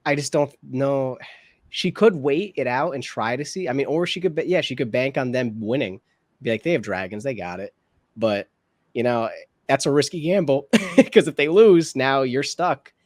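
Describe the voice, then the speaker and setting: A man's voice: medium pitch, dry recording, studio quality. A man co-hosting a reaction show, talking casually and thinking aloud with lots of hedges and restarts. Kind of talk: casual discussion.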